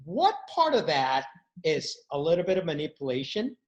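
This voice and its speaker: A man hosting a podcast, asking questions in a halting way with many restarts and repeated words. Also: a little high, very animated, poor audio. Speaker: podcast host. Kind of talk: interview questions.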